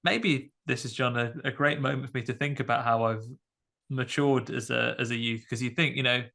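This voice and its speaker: Male podcast host, tense bright tone, wry casual chat. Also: mid-range voice, steady tone, brisk, vocal fry. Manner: chatty, wry, many fillers.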